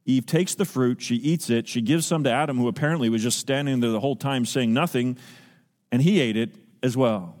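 A man's voice: mid-range voice, a little fast, darkish tone, long reverb tail. A man preaching a sermon as pastor, earnest and emphatic, asking the listeners pointed questions. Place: church sanctuary.

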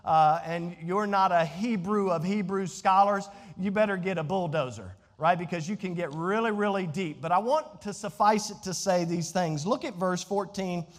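High-pitched Virginian pastor preaching in a hall. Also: male voice, moderate pace, hardly any pauses. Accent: Southern US, Virginia. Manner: animated preaching, rising to near-shouts when quoting scripture. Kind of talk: sermon.

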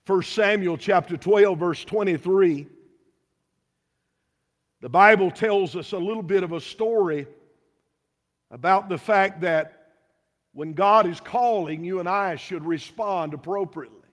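A man's voice: high-pitched, a little slow, pauses often. A man preaching a sermon as pastor, emphatic and full of rhetorical questions, in a church. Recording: long hall reverb.

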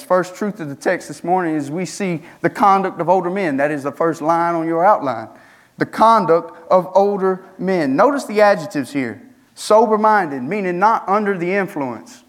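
A young male student pastor preaching from the pulpit. His voice sits a little high for a man, and he drives his points home with strings of rhetorical questions and rising emphasis. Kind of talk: sermon.

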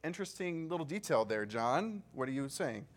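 A man with a fairly high, very animated voice leads a Bible study at a normal pace. He reads scripture, then breaks off for casual, joking asides, says "like" a lot, and asks the group questions to check in with them.

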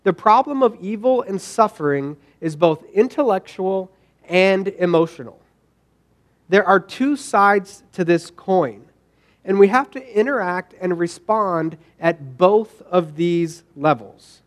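A man's voice: sits high, expressive, slow. A man preaching a sermon, talking conversationally with restarts and questions to the congregation. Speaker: pastor.

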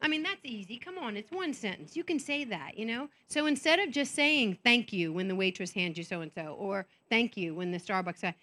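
A middle-aged woman gives a faith talk at a conference, her voice sitting on the high side. She is chatty and animated, slipping into little acted-out voices of her own thoughts as she encourages the crowd. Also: moderate pace, few pauses. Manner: animated, conversational, acts out inner voices. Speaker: conference speaker. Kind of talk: motivational faith talk to an audience. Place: conference stage.

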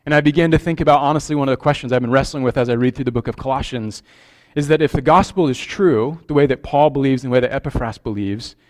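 A man's voice: medium pitch, quick pace, darkish tone. Conversational male pastor preaching a sermon. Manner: conversational, earnest, asks the congregation questions.

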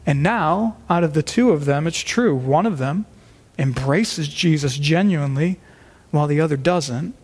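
High-voiced preaching man in a hall. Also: normal speed, slightly rough. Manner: emphatic, repeats key words for stress. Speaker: pastor. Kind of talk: expository sermon.

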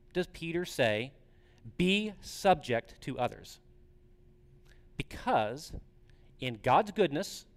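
A pastor preaching a conversational sermon, putting questions to the congregation. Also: male voice, fairly high pitch, long reverb tail.

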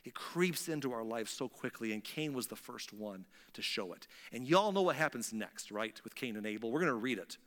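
Emphatic male pastor, bright and echoing. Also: mid-range voice, lively intonation, moderate pace, hardly any pauses. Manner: emphatic, repetitive, with frequent restarts. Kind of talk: sermon. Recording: long hall reverb.

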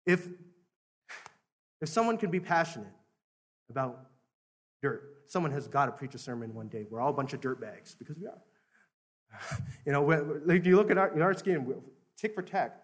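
A man's voice: a little high, expressive, normal speed, long pauses, slightly rough. Chuckling, stammering man preaching. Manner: chuckling, stammering, repeating words. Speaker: Baptist preacher. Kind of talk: storytelling sermon.

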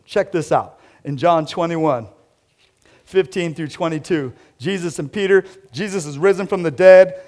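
Animated, fairly high-voiced male preacher. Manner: animated storytelling, talks straight to listeners. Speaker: pastor. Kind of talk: sermon.

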